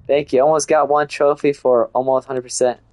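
A man's voice: medium pitch, level tone, a little fast, darkish tone. A young man chatting casually while streaming a horror game, laughing often and switching between English and Spanish. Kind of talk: casual live gameplay chat.

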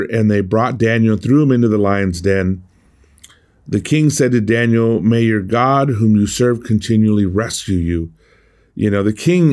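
A man's voice: lowish voice, gravelly, a little mellow. A man preaching an earnest, conversational sermon, often restarting his phrases as he explains a scripture passage. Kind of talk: streamed sermon.

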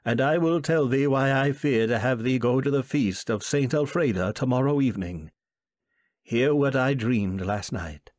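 A man's voice: medium pitch, moderate pace, darkish tone, no room sound, studio quality, close to an everyday voice. A man voicing a fearful young huntsman, earnest and pleading in archaic speech. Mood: grave.

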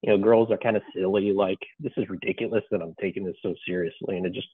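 Husky low-voiced guy calling in, tinny phone sound, laid back, lots of "like". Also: fast, no echo. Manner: relaxed, filler-heavy talk. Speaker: former coaching client, guest. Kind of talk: casual podcast chat. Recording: tinny phone-like call line.

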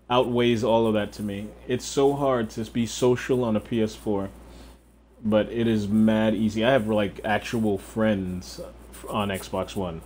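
A man's voice: fairly low pitch, darkish tone, a little hiss or hum. A young man livestreaming a video game, chatting casually and profanely while answering viewers. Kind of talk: casual gameplay chat.

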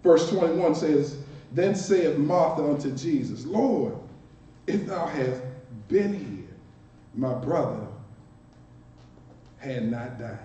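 A man's voice: a little high, expressive, slow pace, long pauses, warm tone. A male minister preaching a conversational sermon with playful asides and repeated words, accented from Washington D.C. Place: church sanctuary. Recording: distant, roomy, dull church recording with faint hiss.

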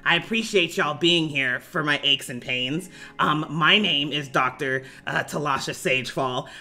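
A man doing Doctor Talasha Sagefall, bright gravelly professor lady. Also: high voice, full character voice. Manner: formal greeting mixed with casual profane asides. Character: female professor, formal and self-assured. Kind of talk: in-character voice on a live stream.

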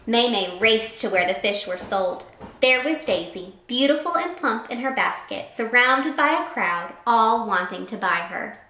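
This woman's voice sits a little high and moves at a measured pace, with a faint hiss or hum underneath. Acting as a teacher, she reads a picture book aloud to kids, animated and expressive, adding little asides along the way. There's a roomy echo in the recording.

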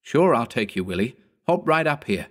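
A man voicing a blunt, stubborn rural mailman who drawls slowly. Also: medium pitch, sing-song, voice pushed up, close to an everyday voice. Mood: surprised.

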